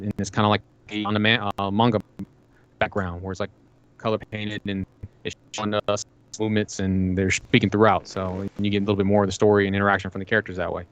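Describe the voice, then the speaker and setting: A man's voice: lowish voice, fairly bright tone, clear, resonant tone. A man co-hosting a podcast, rambling casually about video games and acting out lines from them with plenty of swearing. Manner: rambling, retells game scenes with quoted lines and swearing. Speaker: podcast co-host. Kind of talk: casual gaming chat.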